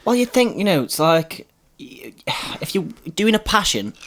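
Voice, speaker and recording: A man's voice: high voice, big pitch swings, moderate pace, a bit bright. A man, a cocktail bar owner, chatting casually over drinks, telling stories full of swearing and acted-out quotes.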